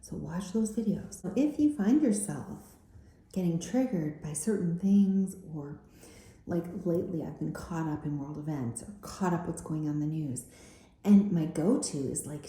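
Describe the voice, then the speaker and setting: A woman healing coach giving an earnest self-help talk, repeating her points and often dropping to a breathy near-whisper. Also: lowish voice, lively intonation, moderate pace, mellow. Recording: very echoey room.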